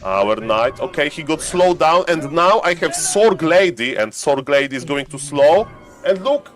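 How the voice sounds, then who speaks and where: A man's voice: fairly high pitch, lively intonation, measured pace, a bit bright. A man streaming live, walking viewers through a strategy game test step by step and greeting his chat.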